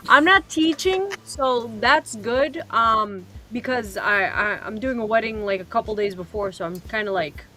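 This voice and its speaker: Bright, animated, self-mocking woman. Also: on the high side, normal speed, hardly any pauses. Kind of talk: casual chat.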